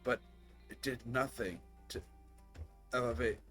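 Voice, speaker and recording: Brief: young male gamer, slow dramatic read-through, mid pitch, faint background music. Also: fairly even intonation, fairly bright tone. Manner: shocked outbursts between slow narration. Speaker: gamer reading a story game aloud.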